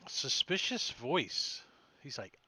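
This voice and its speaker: Casting note: male dungeon master, unhurried and offhand, with a bright, forceful voice. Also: medium pitch, big pitch swings, husky, dry recording, poor audio. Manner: slow, offhand, thinking aloud while moving tokens. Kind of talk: narrating a tabletop game online.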